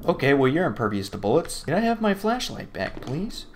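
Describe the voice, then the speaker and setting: A man's voice: on the high side, brisk, hardly any pauses, heavy background noise. A man giving loose, profane commentary while playing a horror game, often yelping and laughing when something startles him. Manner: excitable, swears a lot, yelps when startled. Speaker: gaming YouTuber.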